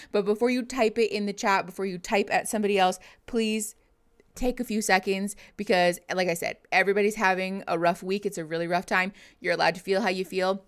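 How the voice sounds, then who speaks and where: A woman's voice: mid-range voice, a little fast, a bit bright. A woman therapist hosting a casual livestream, chatting with viewers, reading their messages and laughing often. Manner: reads out and answers viewer chat messages. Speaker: therapist streaming reactions to a reality show.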